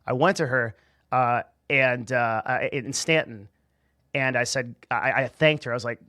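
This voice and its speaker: A man's voice: medium pitch, unhurried, bright, forceful tone, no echo, studio quality. A young man telling a personal story in a casual, rambling way, profane and full of restarts.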